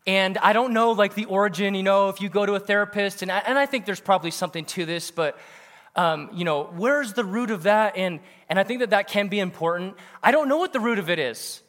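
High bright-voiced male preacher in a reverberant hall. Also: a little fast. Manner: animated, punchy, with bursts of laughter. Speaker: pastor. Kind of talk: sermon.

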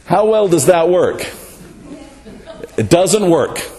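A man with a fairly high voice preaching a sermon. He keeps asking his listeners rhetorical questions and tags his points with a quick "right?" to draw them along. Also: sing-song, dark tone. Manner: asks rhetorical questions, often adds "right?".

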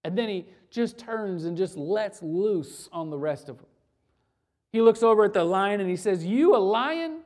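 A man preaching a sermon in a conversational way. He often restarts his words and drops into soft, hushed stretches. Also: high voice, moderate pace. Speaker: pastor.

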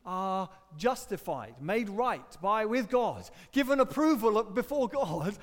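A man's voice: high voice, big pitch swings, takes it slowly, few pauses. A man preaching a sermon in a church, earnest and emphatic, with touches of dry humour. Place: church hall. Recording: reverberant church hall.

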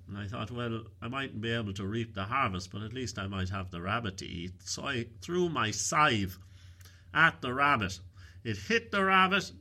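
Casting: man doing deadpan countrywoman, bright voice, tall-tale teller. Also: mid-range voice, voice pushed up. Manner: calm, matter-of-fact, deadpan exaggeration.

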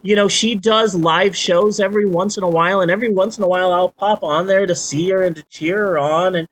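A podcast host in their forties in casual chat, animated and swearing freely. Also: mid-range voice, a little fast, rough recording. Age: 40s.

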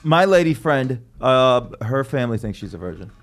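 A man's voice: mid-range voice, big pitch swings, normal speed. A man hosting a casual podcast, teasing and joking with guests and laughing through his lines. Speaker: podcast host. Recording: clear background noise.

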